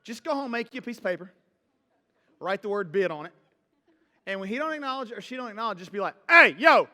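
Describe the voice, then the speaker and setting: A man's voice: high-pitched, expressive, fast talker, a bit bright, in a large hall. A man preaching a sermon as pastor, talking casually and joking with the congregation. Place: church hall.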